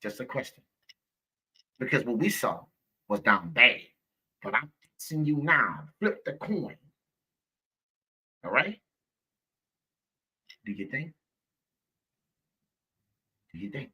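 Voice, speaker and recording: Male live-stream host, preachy and repetitive, swooping animated delivery. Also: medium pitch, slow pace, long pauses, husky. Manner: preachy, repeats himself, calls viewers baby. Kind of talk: live-stream commentary talking to viewers.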